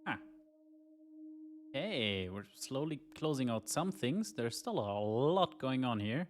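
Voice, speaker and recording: A man's voice: mid-range voice, very animated. A man streaming a game live, musing aloud and laughing as he reads the answers. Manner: slow, musing, reading aloud, laughing often.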